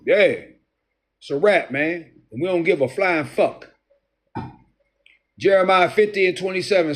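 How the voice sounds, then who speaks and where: A man preaching in a confrontational style, reading scripture slowly and taunting his listeners with profanity. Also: high voice, animated. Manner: reads scripture slowly, restarts verses. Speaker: street preacher.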